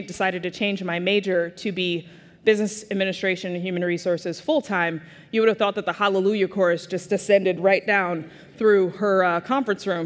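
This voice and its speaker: A woman in her thirties giving a humorous, self-mocking personal talk as a keynote speaker, with animated delivery and comic timing. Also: mid-range voice, long reverb tail. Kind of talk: humorous personal storytelling speech.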